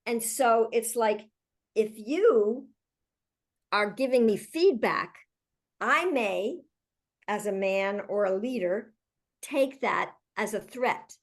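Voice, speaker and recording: A woman's voice: fairly high pitch, takes it slowly, pauses often. A woman in an earnest conversational discussion, often acting out example phrases as she explains.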